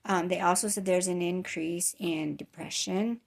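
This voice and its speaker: Gravelly-voiced woman vlogging, weary. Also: lowish voice, steady tone, moderate pace. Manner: rambling, candid, many fillers and restarts. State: weary from chronic nausea. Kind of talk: casual personal vlog.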